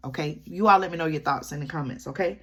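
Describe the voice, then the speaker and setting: Chatty woman with a low voice. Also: fast talker, fairly bright tone, husky. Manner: chatty, keeps addressing viewers with "y'all" and "okay?". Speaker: vlogger. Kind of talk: commentary to camera.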